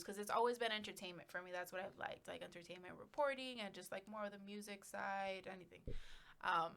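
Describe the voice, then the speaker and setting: A woman journalist chats as a podcast guest, rambling through her points with plenty of fillers and easy laughter. Her voice sits at a middle pitch. She is recorded up close on a podcast mic. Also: fast talker, creaky, a bit bright, smooth. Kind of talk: casual interview chat.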